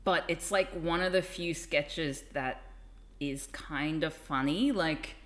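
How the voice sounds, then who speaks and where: A woman's voice: low-pitched, slow pace. A woman streamer chatting casually and rambling with asides. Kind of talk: casual live-stream chat.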